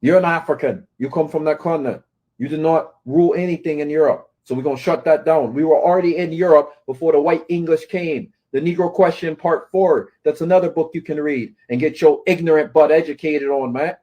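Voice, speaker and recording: Scolding man with a warm voice. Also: fairly high pitch, fairly quick. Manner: scolding, taunting, repeats "right?". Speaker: commentator. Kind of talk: confrontational rant to camera.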